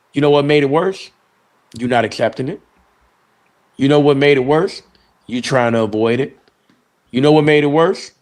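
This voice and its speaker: A man delivers a motivational lesson at a middle pitch. He speaks in short, punchy lines and repeats phrases for emphasis, directly addressing listeners. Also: gravelly. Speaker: host. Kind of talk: motivational talk.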